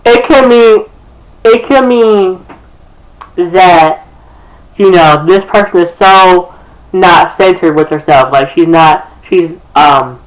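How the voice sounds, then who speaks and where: A man's voice: high-pitched, slow pace, long pauses, low-quality recording. A young man talking casually to his camera, breaking down his own song lyrics in a sassy, chatty, rambling way. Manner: sassy and chatty, calls people girl, many restarts. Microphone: camera facing him.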